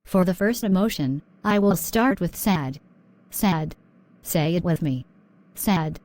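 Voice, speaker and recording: A woman's voice: fairly low pitch, lively intonation, moderate pace, darkish tone. A woman teaching English vocabulary in a scripted drill, encouraging and repeating words.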